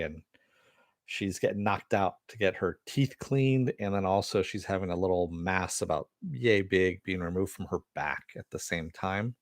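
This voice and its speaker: A man's voice: deep voice, no room sound, studio quality. An American man hosting a casual live stream, rambling and reading viewer comments aloud. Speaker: host.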